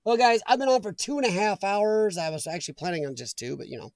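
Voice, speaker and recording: A man with a rather high voice chats casually on his live stream from home. He rambles from topic to topic and greets viewers as he goes. The sound is dry and close, with little room around it. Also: expressive, fast talker, no echo. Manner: rambling and chatty, reading out viewer comments. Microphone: desk mic.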